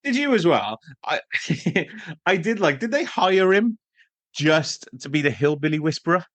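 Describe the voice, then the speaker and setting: A man's voice: a little high, big pitch swings, measured pace, a bit bright, no room sound. A man co-hosting a podcast, chatting casually about a film and building his points with asides. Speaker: podcast co-host. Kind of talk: casual film review chat.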